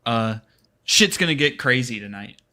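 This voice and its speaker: Bright-voiced man giving shout-outs. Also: mid-range voice, animated, normal speed. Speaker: co-host reading donations. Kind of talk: casual stream chat.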